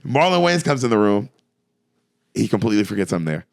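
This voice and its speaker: A man, a stand-up comedian, telling a story in casual chat, animated and swearing as he goes. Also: fairly low pitch, fairly quick, vocal fry, no echo, studio quality. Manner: animated, swearing, excitable retelling.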